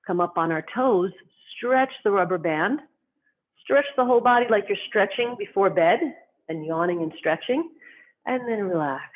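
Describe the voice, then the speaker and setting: A qigong instructor calmly guiding students step by step through slow movement and stretching exercises. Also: medium pitch. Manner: calm, gently instructive, cueing each movement. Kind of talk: guided movement lesson. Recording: tinny phone-like sound.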